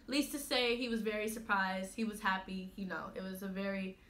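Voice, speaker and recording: A woman's voice: medium pitch, steady tone, a little fast, fairly bright tone, slight background noise. A girl in her late teens telling her own story to camera in a chatty way, full of "you know" and fillers. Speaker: vlogger.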